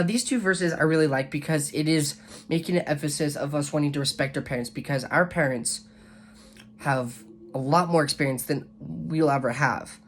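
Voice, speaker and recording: A man's voice: fairly high pitch, slight background noise. Earnest young man reading scripture. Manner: earnest, with frequent self-corrections and restarts. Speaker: YouTube Bible study host. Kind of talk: casual Bible reading and devotional commentary.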